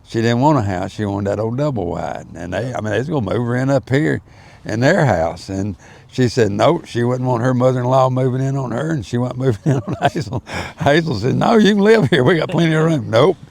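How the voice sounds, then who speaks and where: A man's voice: mid-range voice, lively intonation, fairly quick, vocal fry, darkish tone. An older man, telling folksy, rambling stories as an interview guest. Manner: rambling, folksy storyteller with many fillers. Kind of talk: storytelling in casual chat.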